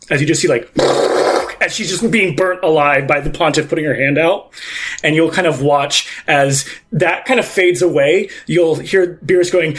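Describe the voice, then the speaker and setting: A man's voice: on the high side, moderate pace, fairly bright tone. A man narrating a tabletop game as game master, rambling with many fillers.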